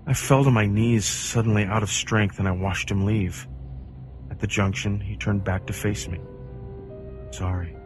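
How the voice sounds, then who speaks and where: A man reading a horror story aloud in an intense, dramatic way that swings from hushed to near-shouting. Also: fairly low pitch, steady tone, moderate pace, over music. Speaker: creepypasta narrator.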